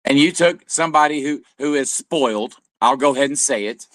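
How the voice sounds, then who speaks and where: A man's voice: mid-range voice, fairly quick, a bit bright, no room sound, clean studio sound. Man in a heated, swearing tirade. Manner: profane, accusatory, heated. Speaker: livestream co-host. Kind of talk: angry livestream rant.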